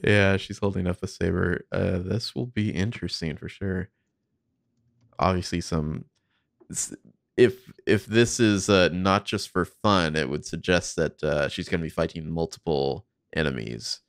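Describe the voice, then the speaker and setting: A man's voice: deep voice, measured pace, creaky, no room sound, studio quality. A man co-hosting a podcast, chatting casually about film footage, swearing freely and thinking aloud with fillers. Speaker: podcast co-host.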